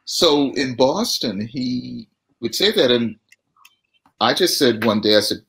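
Animated man telling stage stories. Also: medium pitch, slow pace, creaky. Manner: animated storyteller, acts out quotes. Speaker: talk show guest. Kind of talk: casual anecdote telling.

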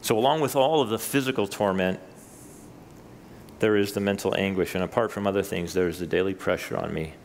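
A man, a pastor, preaching a sermon with lively rises when he reads scripture and chatty asides to his listeners. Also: sits low, brisk, creaky, in a large hall, slight background noise. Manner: animated preaching, voice rising for quoted scripture; conversational asides to the congregation. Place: church sanctuary.

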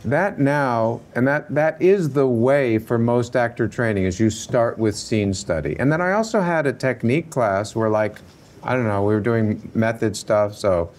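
A middle-aged man who teaches acting, talking through a workshop Q&A in an animated, conversational way and swearing casually. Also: lowish voice. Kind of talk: workshop Q&A talk.

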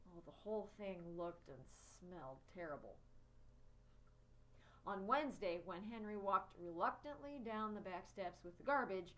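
A woman reading a children's chapter book aloud, expressive. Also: medium pitch, low-quality recording. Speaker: storyteller.

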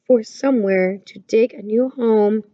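A woman's voice: fairly high pitch, unhurried, dry recording, highs cut off, close to an everyday voice. A woman voicing a small, timid young male mole in a storybook reading, with a small pleading voice. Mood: sad.

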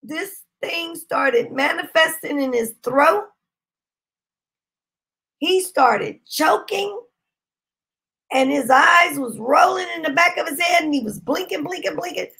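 A woman preaching a sermon, telling a testimony with impassioned shouting bursts. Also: sits high, slow, gravelly, pauses often. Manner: impassioned, shouting bursts, Southern-style speech.

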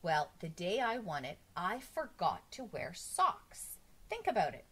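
Woman reading as a proud, easygoing homeless man, storybook, lively and matter-of-fact. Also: on the low side, a little slow, husky, heavily acted. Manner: matter-of-fact, bursts into shouting. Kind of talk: storybook read-aloud.

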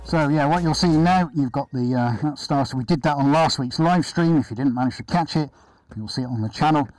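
A man's voice: on the high side, fairly quick, darkish tone, dry recording, poor audio. Chatty man hosting a live art stream. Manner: chatty, upbeat, greets viewers by name. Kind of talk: casual live-stream chat. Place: art studio, indoors. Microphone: body-worn chest camera.

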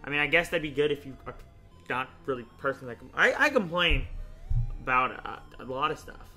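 A young man hosting a casual gaming video, chatting and thinking out loud, often laughing as he rambles through choices. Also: medium pitch, lively intonation, brisk, faint music behind. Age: young adult. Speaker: YouTube host playing a choice game.

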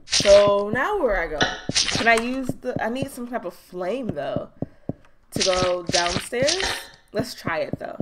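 A woman's voice: mid-range voice, animated, measured pace. A woman giving jumpy, profane commentary while playing a horror game, chatting to her viewers. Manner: jumpy, swears a lot, talks to viewers. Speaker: let's play gamer. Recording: loud background noise with clicks.

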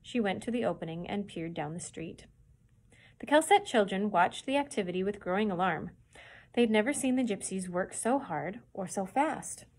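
Librarian reading a chapter book for kids, steady and clear. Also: female voice, mid-range voice, normal speed. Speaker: children's librarian.

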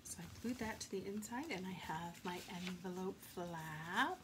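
A woman's voice: mid-range voice, moderate pace, hardly any pauses, a bit bright, slight background noise. A chatty woman from Canada hosting a live stamping and card-making demo, laughing often and thanking viewers by name. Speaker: craft demonstrator. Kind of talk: casual live craft demo chat.

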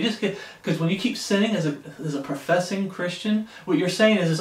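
A man's voice: high-pitched, fairly quick, distant mic. Fervent preacher man with a roomy echo. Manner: fervent, rising to emphatic bursts. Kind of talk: sermon.

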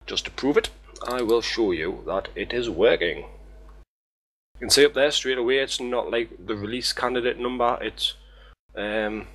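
A man's voice: medium pitch, measured pace, a bit bright. A man talking through a game tutorial in a casual, rambling, sweary way, poking fun at himself. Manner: rambling, sweary, self-mocking. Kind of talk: casual screen-recorded tutorial.

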